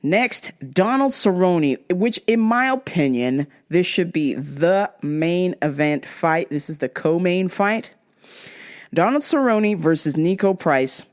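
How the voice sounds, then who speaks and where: A woman with a notably low voice hosts her own show in loose, casual chat. She talks bluntly and swears freely, trash-talking as she goes. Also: lively intonation, slow, a little mellow. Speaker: podcast host.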